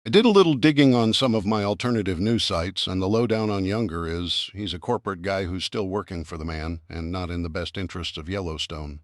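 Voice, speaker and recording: A man's voice: sits low, brisk, hardly any pauses, dry recording, clean studio sound, lightly acted. Man playing a teasing laid-back young guy. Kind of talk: audiobook character voice.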